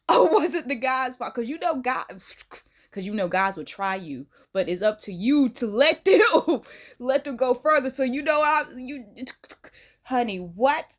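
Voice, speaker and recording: A young woman talks in a lively, sing-song way with a slightly high voice. She reacts to a clip with sassy, slangy commentary. She keeps leaping into high, put-on voices as she goes. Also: unhurried. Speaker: reaction video host.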